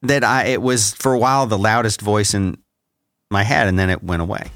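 A man with a low voice talks in a relaxed, easygoing podcast chat and laughs easily. His tone stays loose even while he reads an ad. The sound is close and dry, with no room behind it. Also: brisk, dry recording. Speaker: podcast co-host. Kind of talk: casual chat with a read ad.

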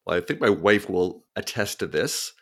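Male podcast host, relaxed and rambling, with a lowish voice. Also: moderate pace. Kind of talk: conversational podcast interview.

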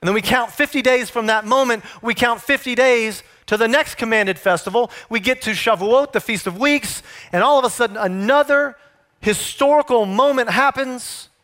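Bright-voiced, high-pitched male preacher. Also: moderate pace. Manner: emphatic, with rhetorical questions to the congregation. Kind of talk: sermon.

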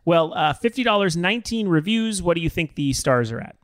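Man, podcast host, jokey, quick, slightly high, dry studio sound. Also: animated, dry recording. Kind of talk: casual comedy podcast chat.

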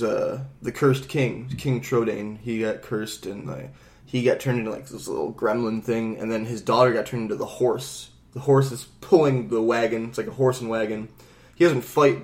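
A man co-hosting a podcast, rambling casually about a video game, swearing freely and acting out bits of dialogue. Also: mid-range voice. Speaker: podcast co-host.

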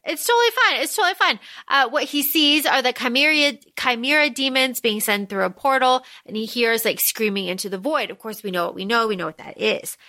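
A woman's voice: fairly high pitch, brisk, few pauses, sharp tone. A woman co-hosting a podcast in casual book chat, animatedly acting out characters' lines. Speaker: podcast co-host.

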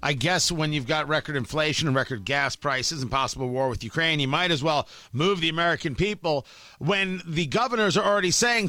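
A man's voice: a little high, brisk, sharp tone, no room sound. A middle-aged man hosting a talk radio show, riffing in a monologue, often restarting his sentences and acting out quotes.

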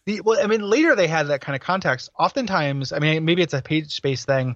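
A man's voice: a little high, expressive, brisk, fairly bright tone, lo-fi sound, a little hiss or hum. A man co-hosting a podcast, talking casually in a rambling way with many fillers and restarts. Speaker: podcast co-host. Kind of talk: casual chat.

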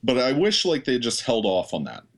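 A man co-hosting a casual movie review podcast, talking things through calmly with some swearing. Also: medium pitch, normal speed. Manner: relaxed, analytical with some swearing. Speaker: podcast co-host.

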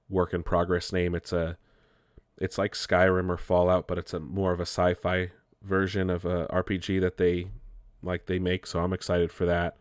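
A man's voice: sits low, smooth, no echo, clean studio sound. A man giving casual, rambling commentary, often restarting his sentences and swearing offhand. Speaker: gaming commentator.

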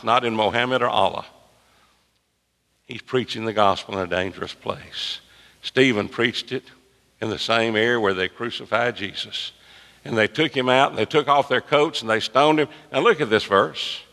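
A male pastor preaching a sermon, emphatic, swinging from hushed asides to full shouts. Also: mid-range voice, big-room sound.

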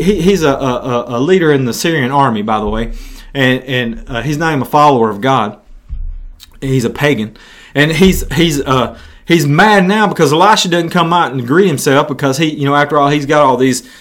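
A man delivers a sermon, retelling scripture with animated storytelling and frequent restarts. His voice sits slightly higher than most men's. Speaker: preacher.

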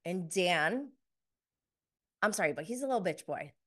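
A woman giving a casual, chatty recap review, emphatic and quick to laugh, with lots of "like". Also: on the low side, animated.

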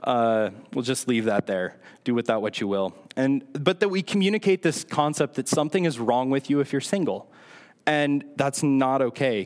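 A young man giving a casual, conversational sermon with sarcastic, self-deprecating asides. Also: medium pitch. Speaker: preacher.

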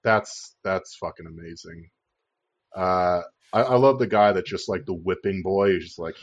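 A man's voice: low voice, normal speed. A man hosting a casual political chat podcast, ranting sarcastically and swearing freely. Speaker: podcast host. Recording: dull lo-fi dry recording.

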